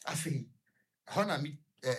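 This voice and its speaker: A man with a Ghanaian accent, a guest on a radio talk show, telling a personal story in a halting, rambling way, full of fillers and restarts. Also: on the high side, lively intonation, husky. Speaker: guest recounting his experience.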